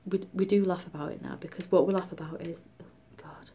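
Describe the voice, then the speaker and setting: A middle-aged woman from Britain telling a story in a casual vlog, chatty and animated, often dropping to a whisper. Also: on the low side, fairly quick, a little hiss or hum. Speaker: vlogger.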